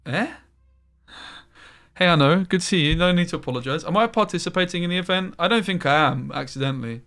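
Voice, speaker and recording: A man's voice: fairly high pitch, fast talker. Chatty man streaming a card game. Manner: chatty, talks to chat, bursts into loud exclamations. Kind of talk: casual live-stream commentary.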